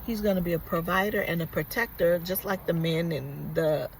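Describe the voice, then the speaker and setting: Earnest woman vlogger with a gravelly voice. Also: lowish voice, moderate pace, a little hiss or hum, low-quality recording. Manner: earnest, reflective, rambling with many fillers. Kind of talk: casual storytelling monologue.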